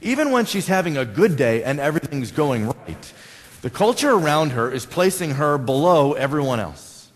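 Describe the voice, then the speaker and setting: A man's voice: fairly high pitch, sing-song, normal speed. Male American pastor, chatty sermon delivery with questions to the pews, long church reverb. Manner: conversational, asks the congregation questions. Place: church sanctuary.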